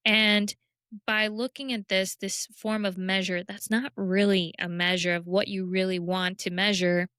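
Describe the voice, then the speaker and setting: A young woman talks through self-help topics in a candid, conversational way, often poking fun at herself. Her voice is smooth and resonant. It is recorded close and dry, with almost no room sound. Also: medium pitch, steady tone, measured pace, a bit bright, no echo. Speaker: podcast host. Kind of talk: casual self-help talk.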